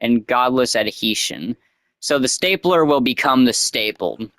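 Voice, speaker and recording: A man putting on the slow, grave voice of a cult prophet reading scripture. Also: medium pitch, animated, fairly bright tone, no echo, pitched below the performer's own voice. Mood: solemn.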